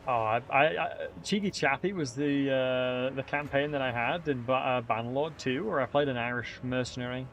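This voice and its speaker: Give me a young man with a mid-pitched voice, bantering cheerfully with chat during a game stream. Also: normal speed, few pauses, a bit bright, highs cut off, a little hiss or hum. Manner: chatty, upbeat banter with chat. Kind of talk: casual live-stream commentary.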